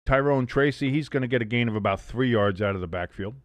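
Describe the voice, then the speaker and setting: A man hosts a live football watch-along, calling plays as they happen and reading chat between them. His pitch sits in the middle, he swings between eager calls and low, swearing asides, and the sound is close and dry with no room echo. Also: fast talker. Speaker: host of a live sports watch-along stream. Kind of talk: casual live play-by-play commentary.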